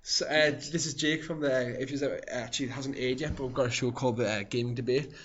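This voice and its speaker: A man's voice: mid-range voice, steady tone, fast, fairly bright tone. A man hosting a casual gaming podcast, rambling with many fillers. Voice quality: rambling, lots of fillers and hedges. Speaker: podcast host. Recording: dull lo-fi sound.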